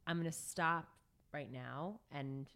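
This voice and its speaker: A woman co-hosting a casual chat, playful and quick to laugh, chiming in to finish the guest's thoughts. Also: sits low, a bit bright, clean tone.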